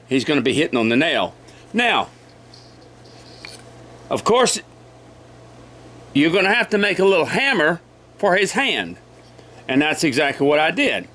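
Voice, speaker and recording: A man with a cold teaching woodcarving in a folksy, repetitive way, often clearing his throat and apologizing. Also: a little high, a bit bright. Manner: folksy, repeats measurements, frequent throat clearing. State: has a cold. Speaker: woodcarving instructor. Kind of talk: casual step-by-step demonstration.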